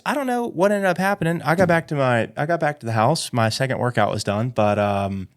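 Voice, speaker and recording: A man in casual podcast chat who keeps looping back with "anyways" between bits of a rambling story. his pitch sits right in the middle for a man, neither high nor low, and he talks the way a co-host does when he is easing into a tale. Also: expressive, quick pace, hardly any pauses. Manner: rambling, filler-heavy storytelling with frequent "anyways". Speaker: podcast co-host and dog trainer.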